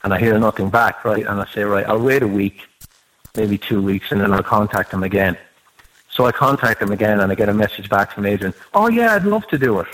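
A man's voice: fairly low pitch, brisk, rough recording. A man telling a rambling anecdote in a casual podcast chat, swearing freely as he goes. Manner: swears freely, animated storytelling.

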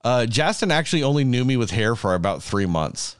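A man's voice: mid-range voice, very animated, brisk, smooth, dry recording, clean studio sound. A man, rambling and swearing casually as a podcast host. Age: 30s. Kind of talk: casual chat.

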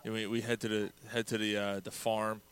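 A man's voice: fairly low pitch, fairly quick, smooth. A man, hosting a casual podcast chat, telling stories with lots of swearing and acting out his friends. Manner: swearing, animated storyteller doing friends' voices. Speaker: podcast host.

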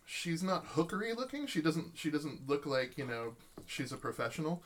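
A man's voice: fairly high pitch, moderate pace. A man casually telling a long anecdote in a chat, acting out the people he quotes. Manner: animated storytelling, acts out quoted voices. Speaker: storyteller in a podcast chat.

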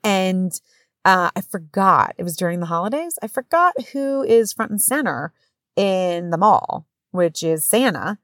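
Brief: woman in her thirties, solo podcast host, candid and animated storyteller who swears, dry close-miked sound. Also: mid-range voice, unhurried, no echo. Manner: candid, swears, animated retelling with quoted voices. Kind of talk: casual storytelling monologue.

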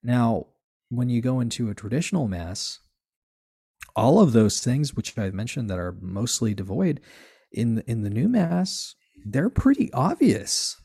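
A man with a gravelly, mellow voice speaks as a guest in a casual talk. He explains earnestly, leaning hard on his key points, in a dark and relaxed tone. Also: medium pitch, measured pace. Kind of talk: casual conversation on faith.

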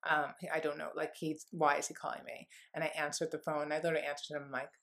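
Speaking fast in a low, gravelly, slightly bright voice with little rise and fall, this interview guest shares something personal and candid. Her telling is heartfelt and meandering, packed with "like."

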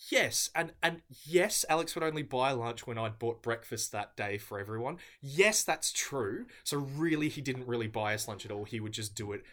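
A man's voice: mid-range voice, lively intonation, normal speed, hardly any pauses, a bit bright. A man co-hosting a podcast, giving a theatrical, teasing speech in a comic mock debate. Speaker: podcast co-host.

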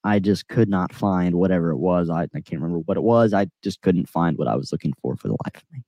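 A man chatting on his podcast in a lowish voice, close to the mic with a dry sound. He tells long, meandering stories and pokes fun at himself. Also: quick pace, no room sound, lo-fi sound. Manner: rambling, self-deprecating storyteller. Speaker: podcast host. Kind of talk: casual chat.

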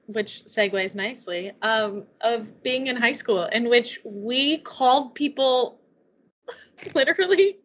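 A young woman co-hosting a podcast, telling stories in a chatty way with quick asides. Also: on the high side, fairly bright tone. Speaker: podcast co-host. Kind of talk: casual chat.

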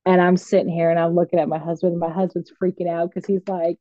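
A woman's voice: lowish voice, fast talker, no room sound. Candid woman counselor telling her story. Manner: lively, candid, acts out quoted voices. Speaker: licensed mental health counselor. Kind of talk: casual conversational storytelling. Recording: dry, slightly dull sound.

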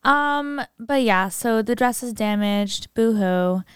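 Young woman podcast cohost, smooth voice, dry close mic, super chatty. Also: a little high, takes it slowly, no room sound. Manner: chatty, lots of "like", animated when retelling scenes. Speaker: podcast co-host. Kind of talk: casual chat.

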